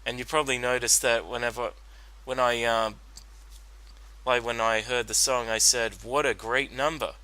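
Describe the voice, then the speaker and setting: A man's voice: medium pitch, flat delivery, moderate pace, pushed and bright, clean tone, rough recording. A man giving a solo commentary on a cartoon episode, rambling with many fillers and restarts. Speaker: reaction commentator.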